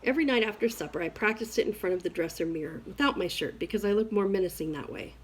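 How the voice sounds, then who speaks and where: A woman reading a novel aloud in an expressive first-person storytelling voice. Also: medium pitch, fast, husky, low-quality recording. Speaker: reader.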